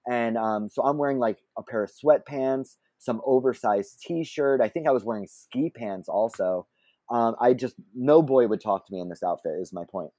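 A man with a mellow, warm voice tells a personal story as a guest, chatty and self-deprecating. He laughs often and keeps breaking off into asides and fillers. The sound is dry and close. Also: medium pitch, moderate pace, no room sound. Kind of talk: casual anecdotal storytelling.

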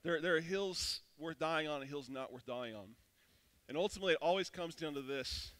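A man in his thirties preaching a sermon, casual and animated, telling a personal story with frequent restarts. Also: on the high side, fairly quick. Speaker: pastor.

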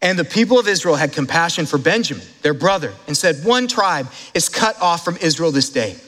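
An animated male pastor in the middle of a sermon, with a high, bright-sounding voice. He talks right to his congregation, throws in asides and laughs, and his voice carries a long, reverberant hall echo. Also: a little fast.

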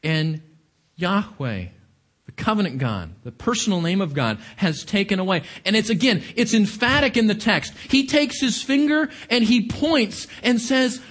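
A man's voice: high-pitched, big pitch swings, moderate pace, fairly bright tone. A man preaching a sermon, questioning his congregation and stressing his points. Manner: questioning the audience, emphatic.

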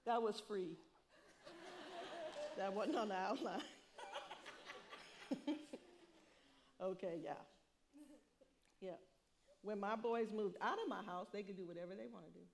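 A middle-aged woman preaching a sermon, lively, laughing often and acting out what people say. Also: medium pitch, unhurried, pauses often, background noise.

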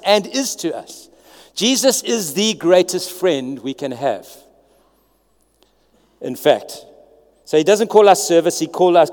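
A man's voice: on the high side, in a large hall. A man preaching a sermon to his church, earnest and conversational, restarting phrases as he goes. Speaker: pastor.

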